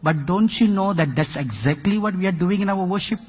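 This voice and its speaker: A man preaching a sermon, telling a story with dramatic swings in loudness and rhetorical questions. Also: high voice, lively intonation, normal speed, hardly any pauses, husky, long reverb tail.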